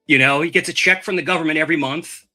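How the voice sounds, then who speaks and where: A man telling a long rambling story in casual chat, animated and swearing, repeating his words. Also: on the high side, quick pace, soft background music.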